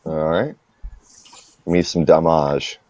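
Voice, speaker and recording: A man narrating as game master in an online tabletop game, relaxed and playful. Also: a bass voice, slow pace, dry recording. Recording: slightly dull lo-fi voice call.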